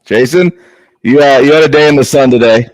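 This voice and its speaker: A man's voice: mid-range voice, brisk, no echo. A man co-hosting a sports podcast over a video call, talking in a rambling way with frequent restarts. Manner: rambling, apologetic, restarts a lot. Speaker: podcast co-host. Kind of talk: casual sports chat. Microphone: remote video call.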